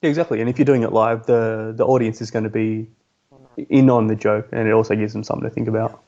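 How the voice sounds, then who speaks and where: A man co-hosting a casual comedy podcast, delivering a joke deadpan. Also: lowish voice, quick pace, highs cut off. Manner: deadpan, setup-and-punchline delivery. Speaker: podcast co-host.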